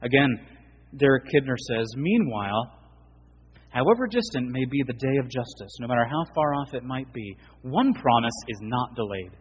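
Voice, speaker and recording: Male pastor, husky voice, earnest preaching delivery with loud peaks and quiet drops. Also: medium pitch, animated, normal speed, muffled recording. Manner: earnest preaching, swelling and dropping in volume. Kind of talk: sermon.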